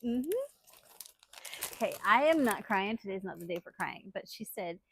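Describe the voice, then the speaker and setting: A woman hosting a casual unboxing vlog, chatty and excitable, laughing often as she talks. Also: mid-range voice, normal speed, slight background noise. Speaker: channel host.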